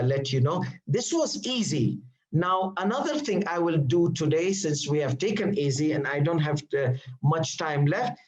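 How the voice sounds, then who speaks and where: Guru pria beraksen Asia Selatan, suara agak tinggi. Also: male voice, a little high, darkish tone, rough recording. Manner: drills students with questions and answers himself; repeats terms patiently, many fillers. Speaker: Arabic grammar teacher. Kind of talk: classroom lecture.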